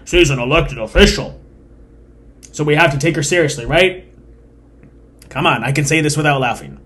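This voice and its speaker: Emphatic, opinionated podcast host, slightly high voice. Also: male voice, normal speed. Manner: emphatic and opinionated, swinging between loud stresses and quiet asides; suppressing laughter while reading. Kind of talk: solo political commentary.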